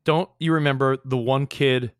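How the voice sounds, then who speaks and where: A man in his thirties co-hosting a casual podcast chat, animated and quoting people in put-on voices. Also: medium pitch, normal speed, no echo, clean studio sound. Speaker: podcast co-host.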